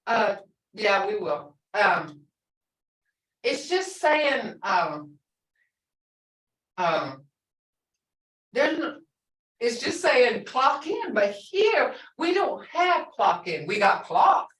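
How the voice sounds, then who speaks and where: A woman's voice: on the high side, sing-song, drawn-out words, long pauses, fairly bright tone. A woman language teacher in a classroom lesson, explaining words patiently and repeating phrases. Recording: echoey room, voice from far off.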